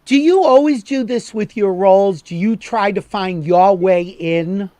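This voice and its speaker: A man's voice: sits high, a little slow, warm tone, no room sound. A man hosting an interview, encouraging his guest with short prompts. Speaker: talk show host. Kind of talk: interview host.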